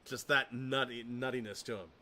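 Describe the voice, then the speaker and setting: A man's voice: medium pitch, fairly even intonation, moderate pace, sharp tone, a little hiss or hum. A man hosting a casual podcast, reading viewer comments aloud with offhand, dry asides. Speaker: podcast host.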